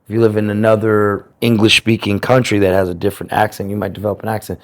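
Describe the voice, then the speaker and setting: An American man telling his personal story in an interview, speaking in a reflective, earnest way with careful, clear enunciation. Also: fairly low pitch, flat delivery, fast. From United States.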